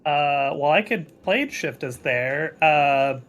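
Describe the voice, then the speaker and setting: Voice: medium pitch, animated, slow, fairly bright tone. A player at a tabletop game chatting casually, with dry, sarcastic remarks.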